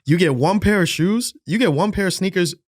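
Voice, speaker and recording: A young man from the Bronx, talking loosely in a somewhat higher register. His speech is full of slang and swearing, and he keeps checking in with "you know what I mean." The sound is dry and close, from a studio podcast mic. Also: expressive, brisk, dry recording. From the Bronx, New York. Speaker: podcast guest. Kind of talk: casual chat.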